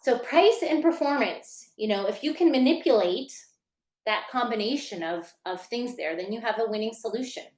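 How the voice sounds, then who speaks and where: A woman with a slightly high, somewhat mellow voice teaches a business workshop at a normal speed, sounding animated. Her lecture is casual and filler-heavy, aimed straight at her listeners, with reverberant acoustics.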